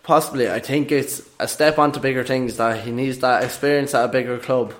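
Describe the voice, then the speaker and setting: A man's voice: mid-range voice, fairly even intonation, fairly quick. Opinionated man talking football. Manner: opinionated, emphatic. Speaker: podcast co-host. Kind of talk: casual football chat.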